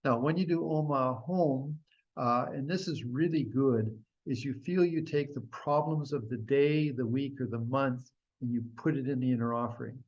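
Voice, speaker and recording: A man teaching Buddhist practice, explaining in a relaxed, rambling way with many restarts. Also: medium pitch, normal speed, few pauses, breathy edge, highs cut off. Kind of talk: recorded dharma teaching.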